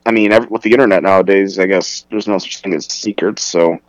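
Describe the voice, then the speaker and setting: A man playing Krampus, an ancient child-eating holiday monster, in an improvised comedy interview, answering in a deadpan, hesitant way full of ums. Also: deep voice, brisk, dry recording, dull audio, natural voice. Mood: confessional.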